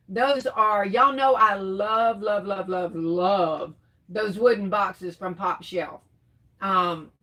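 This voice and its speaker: A middle-aged woman chats through a crafts livestream in a slightly high voice. She reads comments aloud and answers each viewer with easy terms of endearment. She laughs often as she talks. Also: fairly bright tone. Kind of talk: casual live chat, reading comments.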